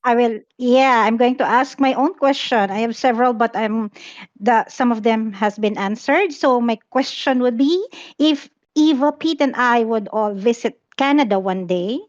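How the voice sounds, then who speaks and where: A woman co-hosting a podcast in a soft-spoken, casual chat, giggling now and then. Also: a little high, normal speed, no echo. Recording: dull voice-call audio.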